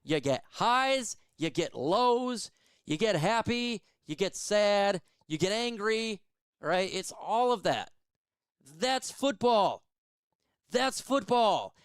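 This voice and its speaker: Excitable male fan calling a game. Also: sits high, slow, smooth, dry recording, clean studio sound. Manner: emotional, excitable, shouts on big plays. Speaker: fan play-by-play streamer. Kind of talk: live fan play-by-play and chat.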